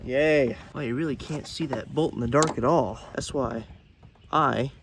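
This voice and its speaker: A young man grumbles and swears through a car repair, talking to himself in an ordinary mid-range voice. It is recorded outdoors at night, with clear noise and clicks behind him. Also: medium pitch, measured pace. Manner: frustrated, swearing, muttering to himself. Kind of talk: profane self-filmed repair vlog.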